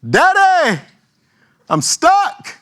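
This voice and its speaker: A man's voice: very high voice, wildly swooping pitch, extremely slow, fairly bright tone, pitched above the performer's own voice, full character voice. A man voicing a small boy who is stuck on a jungle gym and calls for his dad. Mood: pleading.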